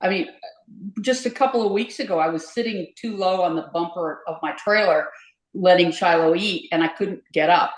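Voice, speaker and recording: An older woman with a lowish voice tells stories in an easygoing way and laughs often. Her voice rings in a roomy, echoey space. She is a podcast guest chatting casually. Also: normal speed. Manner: warm storytelling, laughs easily. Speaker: podcast guest, endurance rider. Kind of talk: casual interview chat. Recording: echoey room.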